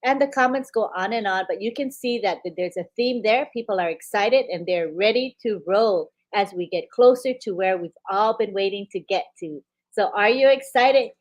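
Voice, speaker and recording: Woman co-host, upbeat, reads viewer comments aloud one by one, mid pitch. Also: normal speed, few pauses. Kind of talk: live webinar chat.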